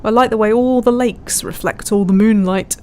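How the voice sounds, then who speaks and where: A woman's voice: a little high, moderate pace, a little mellow, slight background noise. Giggly woman streaming chat. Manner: chatty, giggly, reads chat aloud. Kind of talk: casual live-stream commentary.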